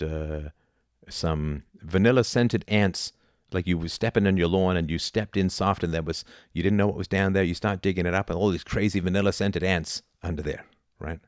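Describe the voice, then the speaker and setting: A middle-aged man talking casually about philosophy, animated, dipping into mocking impressions. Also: low voice, no echo, studio quality. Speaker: podcast host.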